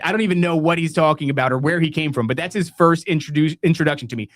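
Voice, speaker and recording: A man's voice: a little high, quick pace, hardly any pauses. An American man hosting a podcast, telling a story in a profane, mocking rant and laughing at his own tale. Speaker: podcast host.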